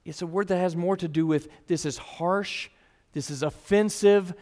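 A man's voice: sits high, normal speed, a little mellow. A man preaching an expository sermon, earnest and emphatic, who voices his listeners' objections as he goes.

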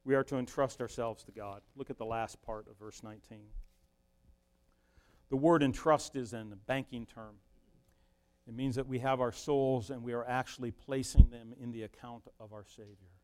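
A middle-aged man preaching a sermon as pastor, swinging from loud emphasis down to a near-whisper. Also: mid-range voice, steady tone, moderate pace.

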